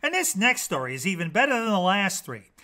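A man's voice: sits high, sing-song, fairly quick, sharp tone, pitched above the performer's own voice, full character voice. A man voicing an eager, boastful male storyteller character who rambles on, hyping up his own tale. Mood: excited. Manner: eager, rambling, breathless hype.

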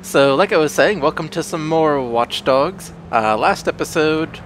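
A young let's play host commentates on the game he's playing, sounding sick and groggy with a morning voice. His fairly high, fairly bright voice is expressive and unhurried as he rambles easygoingly and corrects himself. There's a little hiss or hum.

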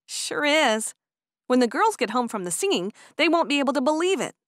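A woman reads as an eager young Amish woman who gushes in a high, breathless voice that leaps up and down. The delivery is dry and close, in the manner of an audiobook character. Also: big pitch swings, a little fast, no room sound. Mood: delighted.

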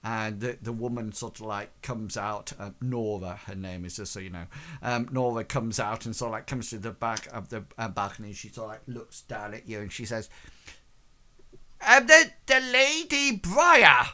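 A man's voice: on the low side, steady tone, fairly quick, a bit bright. A man narrating a tabletop game as game master, rambling with many fillers.

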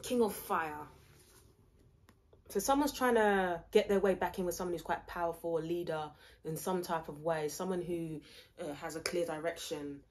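A woman's voice: on the low side, normal speed, slight background noise. Blunt rambling woman reading tarot. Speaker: tarot reader. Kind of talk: casual tarot reading vlog.

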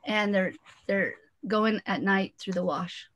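A woman's voice: medium pitch, slow, fairly bright tone, highs cut off. A woman author from the Los Angeles area, chatting and laughing easily while introducing her book, speaking over a video call. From Los Angeles area, USA. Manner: chatty, laughs often, many "you know" fillers. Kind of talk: casual talk and reading at a book launch.

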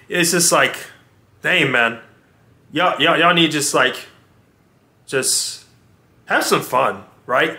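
Bright, excitable young man reacting. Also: on the high side. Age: 20s. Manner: excitable, exclaiming, slangy, addresses viewers as y'all. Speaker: reaction video host. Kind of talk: casual reaction commentary.

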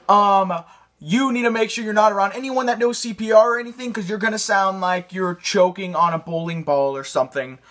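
High bright guy rambling thru a beatbox tutorial, jokey and loose. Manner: rambling, joking, lots of ums and restarts. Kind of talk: casual tutorial.

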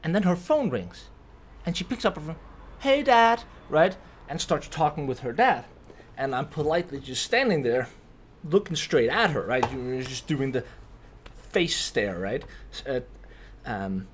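A young man telling a storytime vlog, animated and profane, who keeps checking in with "right?". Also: fairly high pitch, normal speed, slight background noise. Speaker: vlogger.

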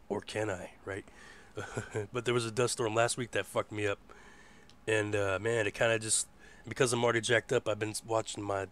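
A man hosting a casual live internet radio show. His voice is hoarse, and he rambles in a laid-back way and swears freely. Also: fairly low pitch, fairly bright tone. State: hoarse from a rough voice. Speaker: host.

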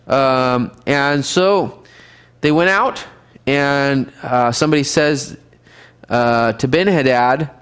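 A man teaching a midweek Bible study in an animated way, chuckling and acting out the characters. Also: mid-range voice, takes it slowly, clear, resonant tone.

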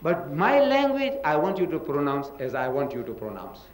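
Born in India and raised in South Africa, this lecturer speaks at a moderate pace in a voice on the high side, with huge pitch swings. He argues emphatically in a public religious debate, spelling out words letter by letter, and the hall's echo is noticeable.

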